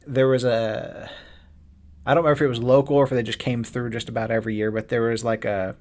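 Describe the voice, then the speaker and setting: Man, podcast guest, casual chat, hesitant, thinking aloud, mid-pitched voice. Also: level tone, fast talker, a little mellow.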